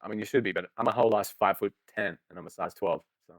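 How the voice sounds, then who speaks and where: A man's voice: on the low side, no room sound. A young man, joking and swearing freely in a casual podcast chat. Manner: rapid, joking, swears freely, laughs often.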